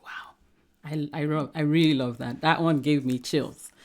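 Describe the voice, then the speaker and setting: A woman's voice: low-pitched, fairly even intonation, measured pace. Effusive woman hosting a podcast. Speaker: podcast host. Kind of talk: interview reactions.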